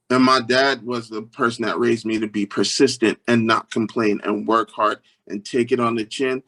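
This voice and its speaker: Earnest man telling an animated story. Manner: animated, acts out other people's voices in a high pitch; earnest, halting with restarts. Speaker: guest. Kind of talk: storytelling interview.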